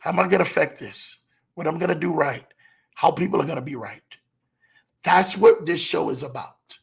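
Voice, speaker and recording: Gravelly-voiced guy giving a motivational talk, kinda high, repeats stuff slow for emphasis. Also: fairly bright tone. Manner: preachy, repeats key lines, slows for emphasis. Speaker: motivational show host.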